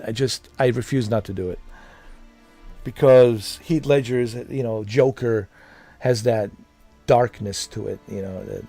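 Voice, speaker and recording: A man's voice: mid-range voice, gravelly, darkish tone. Laid-back man chatting on stream. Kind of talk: casual chat.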